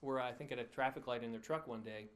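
A man's voice: mid-range voice, fast talker, a bit bright, clear, resonant tone. A man preaching a sermon, telling a story in a conversational way with frequent fillers and restarts, and chuckling at his own asides. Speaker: pastor.

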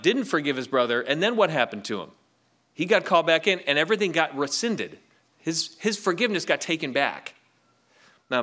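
A man's voice: fairly high pitch, pushed and bright. A man preaching a sermon, reading scripture aloud and asking the congregation rhetorical questions in a conversational way. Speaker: pastor.

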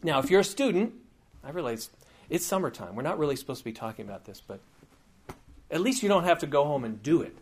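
Man preaching in a slightly higher, chatty voice. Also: big pitch swings, fast talker, slightly rough. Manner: informal and digressive, with frequent asides and light humor. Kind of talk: conversational teaching sermon.

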